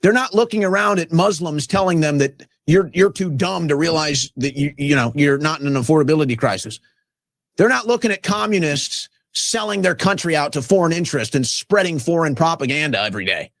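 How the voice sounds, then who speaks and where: A man's voice: fairly high pitch, animated, fairly quick, no room sound. A man hosting a talk show, delivering a heated, sarcastic political rant with mocking asides. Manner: sarcastic, mocking, shouting at times.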